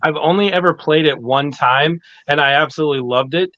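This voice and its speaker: A man's voice: fairly high pitch, fairly quick, dry recording, muffled recording. A male guest in a casual chat, talking in an eager, agreeable way.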